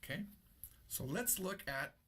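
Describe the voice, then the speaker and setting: A man's voice: high voice, animated, measured pace, pushed and bright, breathy edge. A man teaching an unscripted language lesson, explaining patiently and repeating his key points. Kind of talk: unscripted classroom-style lesson.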